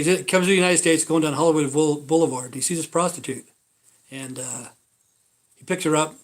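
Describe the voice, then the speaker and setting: A man hosting a casual livestream, talking in a rambling, profane way with many fillers. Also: on the high side. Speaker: livestream host.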